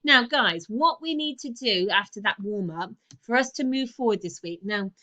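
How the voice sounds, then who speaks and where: A woman English teacher taking a class through text analysis, brisk and encouraging, repeating key phrases. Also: mid-range voice, animated, bright, forceful tone, dull audio. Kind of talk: recorded lesson on text analysis.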